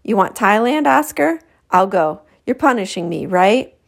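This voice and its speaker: A woman voicing a scheming, bossy con man who shouts orders, reading a children's novel aloud. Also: mid-range voice, very animated, measured pace, creaky, heavily acted. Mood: wheedling.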